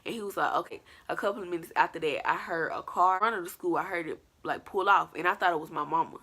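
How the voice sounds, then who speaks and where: Animated woman telling a spooky storytime. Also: lowish voice, fast talker, husky. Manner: animated, colloquial, acts out scenes. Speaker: vlogger. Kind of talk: storytime vlog.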